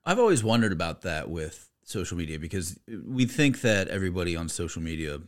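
A man co-hosting a podcast in casual chat, conversational and loose, with his voice jumping up when he gets animated. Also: sits low, a little fast. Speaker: podcast co-host.

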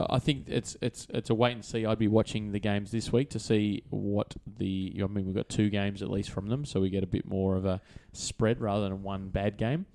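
A man's voice: fairly low pitch, darkish tone. A man co-hosting a casual fantasy basketball chat, easygoing and thinking aloud. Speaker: podcast co-host.

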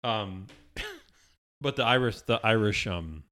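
A man with a somewhat low voice talks casually as a podcast co-host. He rambles, restarts his sentences and laughs often along the way. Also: expressive, slow, fairly bright tone. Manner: rambling, self-interrupting, laughs easily. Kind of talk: casual chat.

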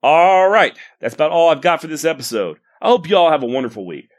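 A man's voice: fairly high pitch, lively intonation, a little fast, few pauses. Wry man hosting a podcast. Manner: wry, irreverent, swears for comic effect. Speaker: podcast host. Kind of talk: casual history podcast narration.

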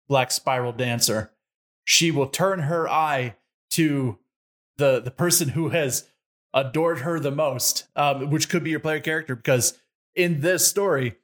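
A man's voice: on the high side, a little slow, a bit bright. A man in casual chat describing how a tabletop game story could unfold, in a storytelling way.

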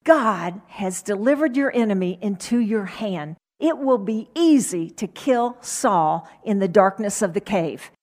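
A woman's voice: mid-range voice, animated, a little slow, few pauses, a little mellow. A woman voicing an eager male soldier lookout, speaking urgently.

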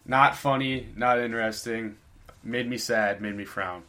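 A man's voice: mid-range voice, fairly even intonation, a little slow, pushed and bright. A young man on a podcast, casually telling a story in a rambling, laid-back way with lots of fillers.

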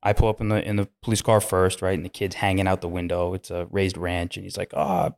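A police detective and podcast guest, telling a story in casual chat and acting out the voices of the people in it. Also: male voice, low-pitched, fast talker. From United States. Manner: animated storyteller, acts out voices with sudden loud jumps.

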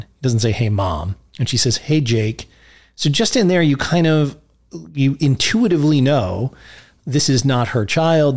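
A man's voice: mid-range voice, darkish tone. A male podcast host gives casual film commentary in a mid-range voice. He rambles enthusiastically and often restarts his sentences.

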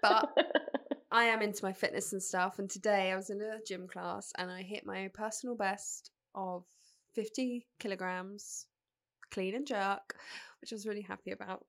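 A woman's voice: mid-range voice, fairly even intonation, moderate pace, fairly bright tone. A young woman co-hosting a podcast, telling stories in chatty, laughing casual talk. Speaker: podcast co-host. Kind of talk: casual chat.

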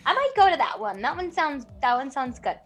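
A woman's voice: high-pitched, very animated, brisk, faint music behind. A woman co-hosting a radio show, chatting casually in a playful, teasing way. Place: radio studio.

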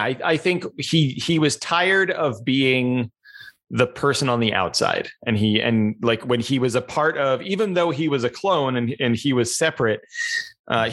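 A man's voice: mid-range voice, lively intonation, moderate pace, a bit bright. A man co-hosting a podcast in casual chat, rambling and thinking aloud with many fillers. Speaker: podcast co-host.

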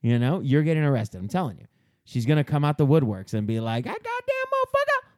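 A man's voice: mid-range voice, fast, mellow, no echo, clean studio sound. A man co-hosting a podcast, riffing crudely with stammering restarts and lots of swearing. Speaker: podcast co-host. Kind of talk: crude comedic banter.

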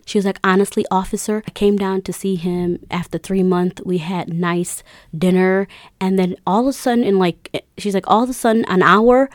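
A woman's voice: mid-range voice, no room sound. Woman, casual storyteller, chatty with fillers, dry close sound. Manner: chatty, retells with quoted voices and many fillers.

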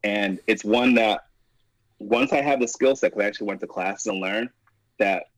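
A man who does stand-up comedy, speaking as a guest with an animated, emphatic storytelling manner and frequent laughter. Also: fairly low pitch, moderate pace, no room sound, poor audio. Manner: laughs often, breaks into laughter mid-story; emphatic, repeats "you know what I mean".

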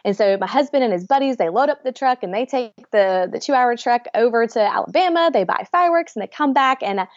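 A woman, a podcast guest, telling a story with lively acted-out quotes and frequent laughs. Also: on the high side, fast talker, few pauses, dry recording. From Georgia, US. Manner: animated, laughs often, acts out quotes. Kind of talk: storytelling in a casual interview. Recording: dry, dull lo-fi sound.

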